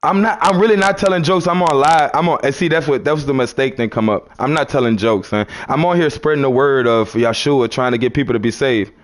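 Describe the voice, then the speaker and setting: A man's voice: medium pitch, a little fast, few pauses. A man from New Orleans with a New Orleans accent, talking casually as a live-stream preacher, repeating himself and calling listeners son and brother.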